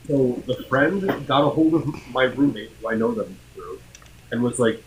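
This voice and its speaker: A man's voice: medium pitch, a little fast, a bit bright, slight background noise, rough recording. A young man chatting casually on a live stream, telling rambling anecdotes with lots of fillers and self-deprecating laughs. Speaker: content creator on a group live stream. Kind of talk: casual chat.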